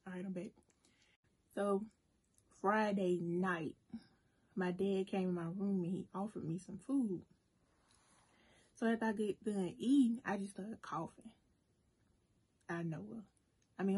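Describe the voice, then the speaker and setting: A woman's voice: medium pitch, measured pace, pauses often, husky. A woman food vlogger chatting through a long personal story while she eats, talking straight to her viewers. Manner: chatty, animated storytelling, addresses viewers as y'all. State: emotional at moments, briefly choked up. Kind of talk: casual storytime while eating.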